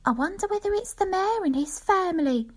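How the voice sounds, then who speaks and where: Storybook: woman doing a fussing, excitable young wife, raised pitch. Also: a little fast. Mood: fretful. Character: lion tamer's fond, fretful young wife.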